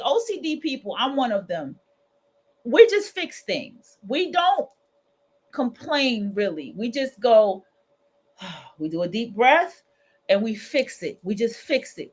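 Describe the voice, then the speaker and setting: Woman livestream host, aave, chatty and animated, slightly high voice. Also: unhurried. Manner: colloquial, animated, acts out quoted voices. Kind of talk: casual freestyle monologue.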